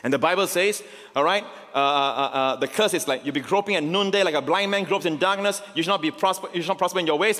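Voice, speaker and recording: A male pastor preaching a sermon, emphatic and swelling to near shouts, often checking in with the congregation. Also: fairly high pitch, fast. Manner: emphatic, rising to near shouts on key lines; repeats call-outs to the congregation. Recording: long hall reverb.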